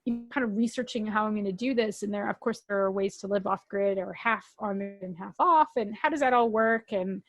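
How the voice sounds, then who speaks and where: A woman as a podcast guest in casual chat, telling stories in an animated, laughing way and swearing freely. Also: medium pitch, a little fast, few pauses, no room sound.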